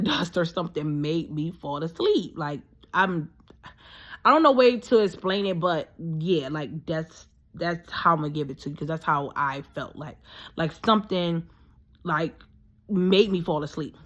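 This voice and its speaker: A woman's voice: fairly low pitch, lively intonation, measured pace. A woman in her thirties telling a personal story in a casual, rambling way, full of fillers and emphatic asides. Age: 30s.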